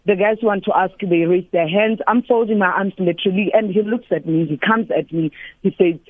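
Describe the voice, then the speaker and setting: A woman's voice: medium pitch, a little fast, dry recording. Lady reporter on the phone, emphatic, keeps repeating herself, dry tinny line. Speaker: sports reporter. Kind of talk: phone-in radio interview. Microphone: telephone.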